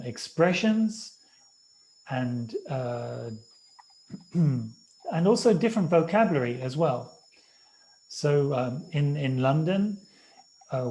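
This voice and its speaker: A man from the United Kingdom explaining things to English learners in a live online class, slowly and patiently, with many fillers. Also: on the high side, darkish tone, rough recording. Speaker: English teacher. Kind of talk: explaining to language students.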